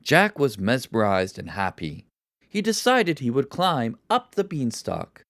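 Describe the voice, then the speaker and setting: A narrator reads a children's story aloud for English learners, taking it slowly and with great care. The voice rises and falls in lively swings to bring each scene to life. The recording is dry and close. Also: mid-range voice, no echo. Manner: slow, deliberate and expressive.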